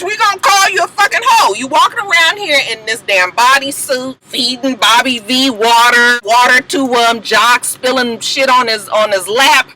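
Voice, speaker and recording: A woman recapping a reality show in blunt, profane casual chat, sassy and animated, jumping between high exclamations and low asides. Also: heavy background noise. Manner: sassy, blunt, heavy cursing, drawn-out reactions.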